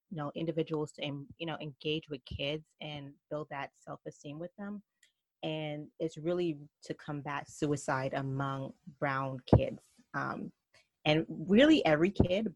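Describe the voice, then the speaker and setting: Brief: woman, 30s, Jamaican-New York accent, low voice, earnest guest who laughs easily. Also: no room sound. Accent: Jamaican mixed with New York. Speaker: guest entrepreneur. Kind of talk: podcast interview.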